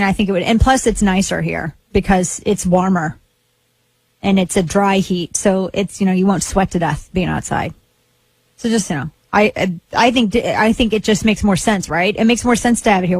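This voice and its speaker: A woman's voice: medium pitch, dry recording. A woman hosting a talk radio show, chatting casually in a rambling, playful way with lots of asides.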